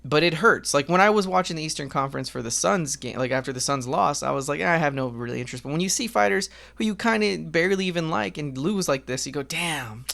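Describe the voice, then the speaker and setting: Gravelly-voiced man, rambling casual commentary. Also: on the high side, animated, fast talker, hardly any pauses, fairly bright tone. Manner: rambling, candid, profane, with frequent fillers. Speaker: gaming vlogger. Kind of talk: casual commentary while gaming.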